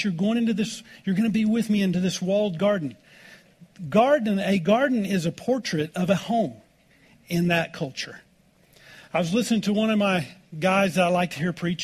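A male pastor delivering a sermon, reading scripture aloud and slowing down to stress key words. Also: high-pitched, husky. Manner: slows down for emphasis, reads scripture aloud.

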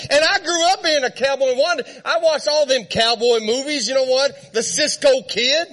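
A man preaching a sermon, telling a comic story in an animated way and laughing as he talks. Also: very high voice, normal speed, hardly any pauses.

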